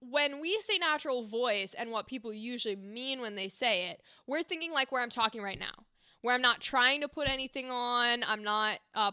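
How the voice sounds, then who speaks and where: A young woman voice actor chatting casually on a livestream, animated and explaining with demonstrations. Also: fairly high pitch, smooth, no room sound, studio quality. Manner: animated, talks with her hands, explains with demonstrations. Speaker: streamer and voice actor. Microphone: desk microphone.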